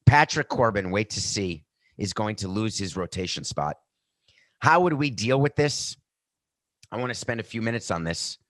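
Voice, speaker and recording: A man hosting a podcast, giving sports betting picks with jokey asides and animated delivery. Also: lowish voice, moderate pace, dry recording. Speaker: podcast host.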